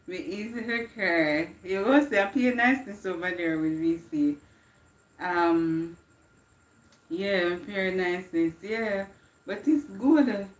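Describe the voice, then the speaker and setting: A woman's voice: medium pitch, slow, roomy sound. A woman hosting a livestream, chatting reflectively, slipping into patois and laughing often. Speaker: livestream host. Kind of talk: casual inspirational chat.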